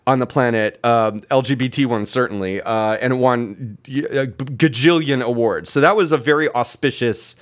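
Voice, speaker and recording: An enthusiastic man hosts a casual podcast interview. He talks in loose, excited bursts, scattering "like" through his sentences. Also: medium pitch, normal speed, few pauses. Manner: chatty, enthusiastic, lots of "like". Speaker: podcast host.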